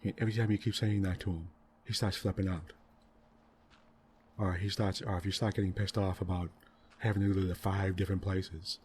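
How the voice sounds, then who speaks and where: A low-pitched man talking quietly in soft-spoken gaming commentary, rambling on in an exasperated rant and tossing in "right?" and "you know" at every turn. A faint hiss sits under his voice. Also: level tone, brisk. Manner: rambling, exasperated ranting about a game plot; frequent tag questions and fillers. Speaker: gaming channel host.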